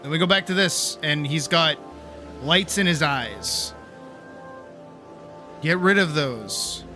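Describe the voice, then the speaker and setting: A man streaming live, talking casually and getting wildly animated, swearing freely as he demonstrates his art. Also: fairly high pitch, slow pace, soft background music. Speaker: streamer and artist.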